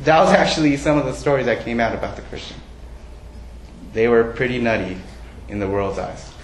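A man's voice: medium pitch, expressive, a little fast, roomy sound, slight background noise, low-quality recording. A man preaching a sermon as pastor, in a conversational way, often putting questions to the congregation and poking fun at himself. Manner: conversational, self-deprecating, asks the congregation questions.

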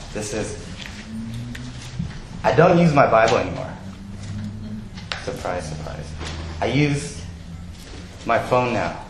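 A man preaching a sermon, telling Bible stories in a lively way and acting out the characters' lines. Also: lowish voice, noisy background. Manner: animated storytelling, acts out quoted voices. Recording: very echoey hall, faint ambience.

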